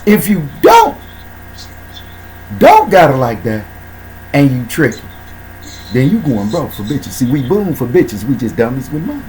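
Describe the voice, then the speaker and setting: A man hosting a casual talk show, speaking in slang and shouting out viewers by name. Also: medium pitch, wildly swooping pitch, a little slow, long pauses, slight background noise, rough recording. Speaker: host.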